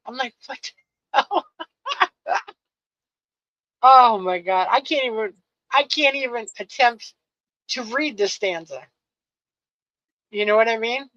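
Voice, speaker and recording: A woman's voice: a little high, a little slow, long pauses, fairly bright tone, no echo. Giggly woman co-host, dull dry audio. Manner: giggly, exclamatory, rambling. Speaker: co-host of a poetry show. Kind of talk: casual chat.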